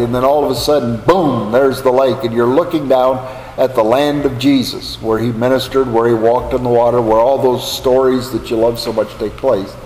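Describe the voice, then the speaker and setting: An older American Bible teacher lectures a class, spinning stories in a folksy manner with plenty of asides. He has a medium-pitched, darkish voice, captured in an echoey hall with a faint hum in the background.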